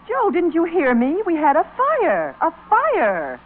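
Casting: fussing radio-drama mother, animated delivery, phone-thin vintage sound with faint hiss. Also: very high-pitched, exaggerated voice. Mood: fretful. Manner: motherly, brisk scolding and gentle soothing. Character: caring mother and housewife, fussing but kind. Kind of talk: 1940s radio acting. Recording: tinny old radio broadcast, faint hiss.

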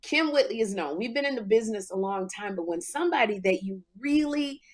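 Animated woman in her fifties telling stories. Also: fairly high pitch, a little fast. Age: 50s. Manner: animated, emotional storyteller. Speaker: talk show host. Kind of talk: casual podcast chat.

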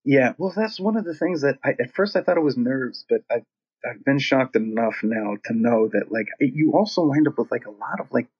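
A man's voice: medium pitch, expressive, a little fast, husky, dull audio. A man, a band singer, telling a long story in casual chat, rambling and swearing freely.

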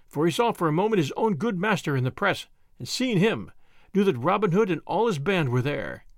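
A man reading an old adventure story aloud in an expressive, lilting way. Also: sits high, dry recording. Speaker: audiobook reader. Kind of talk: storybook narration. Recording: dry close recording.

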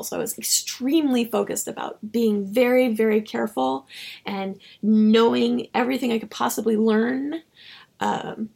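A woman novelist being interviewed, telling stories in an animated way and acting out her own dialogue. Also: fairly high pitch, vocal fry, slightly rough. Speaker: novelist guest. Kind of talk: casual interview storytelling.

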